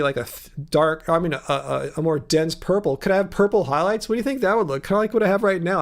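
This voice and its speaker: Reading viewer comments on a laid-back livestream, this man thinks out loud about each, drifting off mid-thought and picking back up. His voice is gravelly and fairly high, and he broadcasts from a studio bathed in colored light.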